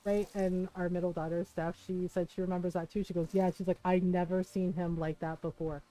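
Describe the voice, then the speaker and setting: A woman's voice: lowish voice, fairly quick, low-quality recording. A middle-aged woman streamer casually telling a long family story, rambling and acting out the people she quotes. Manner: rambling, quotes people in animated voices, frequent laughs.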